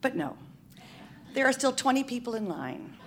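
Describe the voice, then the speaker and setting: A woman telling a comic story live, in an animated style, often laughing through her lines. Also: on the high side, normal speed.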